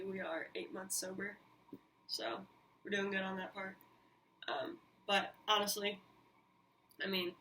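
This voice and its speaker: A woman hosting her own podcast, telling a personal story in an animated, candid way, with frequent swearing and quick asides. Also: mid-range voice. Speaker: podcast host. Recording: mic a little distant, faint hiss.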